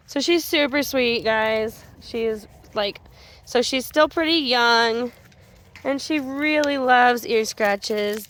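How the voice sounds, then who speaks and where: A woman's voice: fairly high pitch, takes it slowly, a bit bright. A young woman chatting casually as she films her farm animals, rambling and affectionate. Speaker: farm owner. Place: outdoors on a farm.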